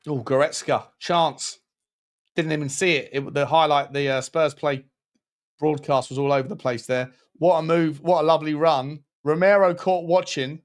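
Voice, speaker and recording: A man calls a football match live for his stream. He jokes, jumps up in excitement at chances, and thanks his viewers by name. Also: fairly high pitch, normal speed. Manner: jokey, excitable, chats with viewers between plays. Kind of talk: live match commentary and chat.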